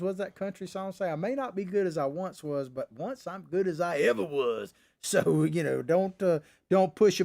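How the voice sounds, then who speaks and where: A middle-aged man hosting a commentary show, talking in a folksy, combative, rambling way. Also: a little high. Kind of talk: opinionated political commentary.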